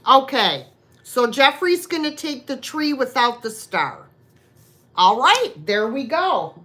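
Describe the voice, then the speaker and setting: Slow, lively-voiced woman running a sale. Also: sits high. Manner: chatty, rambling, self-deprecating asides. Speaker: host of a live online sale. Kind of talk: casual live-stream selling chat.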